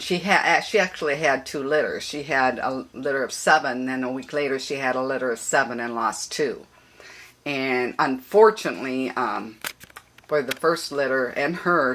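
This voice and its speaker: An older woman breeder chatting casually and rambling about her puppies, now and then cooing to them in high baby talk. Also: a bit bright. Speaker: dog breeder. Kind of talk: casual puppy update vlog.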